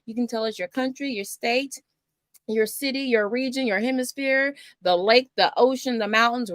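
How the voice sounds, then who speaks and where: A woman's voice: a little high, fairly bright tone, no echo. A middle-aged woman from Houston, hosting a casual homeschool livestream in a chatty, rambling way. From Houston, Texas. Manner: chatty, upbeat, rambling with fillers. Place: small home studio.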